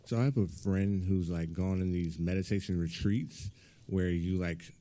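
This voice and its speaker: A man's voice: low-pitched, steady tone, moderate pace, mellow. A man hosting, asking casual questions hesitantly with many fillers. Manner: hesitant, lots of "like".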